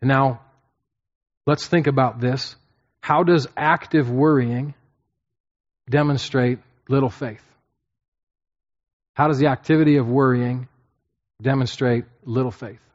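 A man's voice: medium pitch, steady tone, unhurried, pauses often. Man teaching scripture, repeating points. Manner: repeats phrases, checks in with listeners. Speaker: pastor teaching a class. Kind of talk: sermon-style Bible teaching. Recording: dull lo-fi recording.

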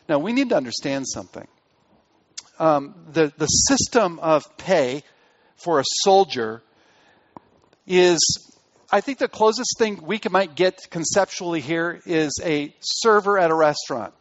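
Man preaching, a bit high-voiced, earnest, dips quiet on key lines, slightly dull recording. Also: expressive, measured pace, pauses often. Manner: earnest preaching, drops soft on key phrases, rises to press a point. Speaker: pastor. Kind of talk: sermon.

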